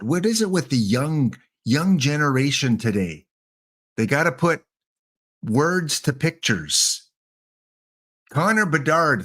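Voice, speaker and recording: A man hosts a casual livestream, rambling and joking straight to his viewers. His voice sits at a middle pitch, and he sounds a little winded as he talks. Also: a bit bright. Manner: rambling, playful, talks to chat. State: a bit winded. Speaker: livestream host.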